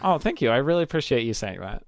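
A man co-hosting a podcast in casual banter, making dry, deadpan jokes. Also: medium pitch, quick pace, slight background noise. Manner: deadpan, wry. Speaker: podcast co-host.

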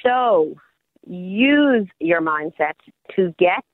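A woman's voice: on the low side, lively intonation, drawn-out words, dry recording. A woman life coach talking casually on the radio, upbeat and motivational. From Australia. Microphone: phone call. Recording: phone line.

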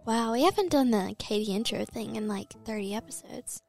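A woman co-hosting a podcast in a studio, giving wry, deadpan answers in casual chat. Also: a little high, brisk, vocal fry, faint music behind. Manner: wry, deadpan one-liners. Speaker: podcast co-host.

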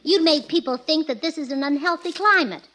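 A woman's voice: sits high, brisk, sharp tone, slight background noise. A woman playing a cheerful, scatterbrained young wife in 1940s radio comedy, giggly and earnestly illogical. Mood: bubbly. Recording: old 1940s radio broadcast.

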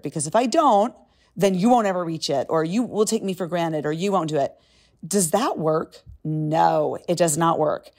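Chatty woman with a low voice. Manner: chatty and emphatic, animated asides. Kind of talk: casual book summary talk.

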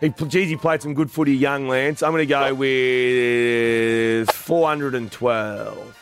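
A man's voice: medium pitch, fairly even intonation, slow, faint music behind. A man with an Australian accent hosting a radio show, chatting in a jokey, blokey way and calling everyone mate. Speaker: radio host. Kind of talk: casual radio banter.

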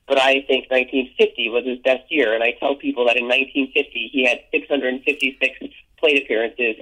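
Heard through poor audio, this medium-pitched man has a fairly bright tone. As a guest in a casual interview, the museum educator talks enthusiastically about programs and stories, often tripping over words and beginning his sentences again.

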